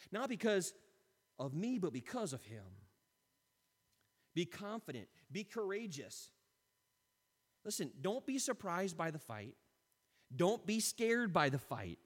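Impassioned high-pitched male preacher. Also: big pitch swings, normal speed, in a large hall. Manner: impassioned, emphatic preaching with sudden drops to quiet. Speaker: pastor. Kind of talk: sermon.

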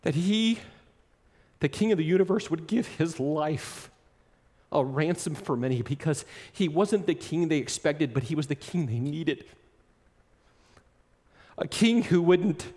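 A man preaching a sermon in an animated, emphatic way, speaking directly to his listeners. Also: a little high, long reverb tail.

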